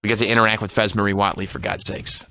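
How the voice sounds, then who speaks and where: A radio co-host in his thirties telling a long story in casual banter, animated and laughing often. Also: fairly low pitch, fast, creaky, slight background noise. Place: radio studio.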